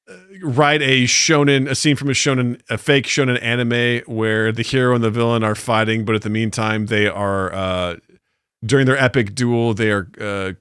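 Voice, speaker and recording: A man's voice: fairly low pitch, fairly bright tone, smooth, no echo, clean studio sound. A man co-hosting a casual podcast, rambling loosely, with lots of fillers and cursing. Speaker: podcast co-host.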